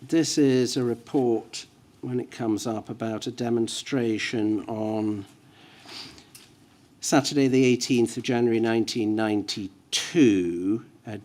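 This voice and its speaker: A man questioning a witness at a formal hearing, measured and careful, reading out references with hesitant fillers. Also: mid-range voice, fairly even intonation, darkish tone. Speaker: inquiry counsel. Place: inquiry hearing room.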